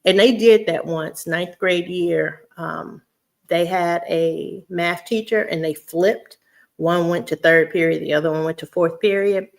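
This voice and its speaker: A Southern US woman talks live to her viewers in a loose, chatty way, stopping often to laugh and read their comments aloud. Her voice sits a little low for a woman. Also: fairly even intonation, measured pace, gravelly. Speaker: vlogger on a weight-loss journey; teacher. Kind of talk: casual livestream chat.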